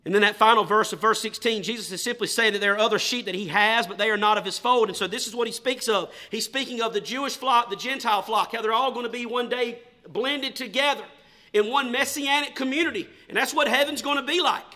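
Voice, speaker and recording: A man preaching a sermon with a high, bright voice. He drives his points home with loud, slow emphasis, then drops to hushed questions aimed at the congregation. He talks as if he is standing before his own church.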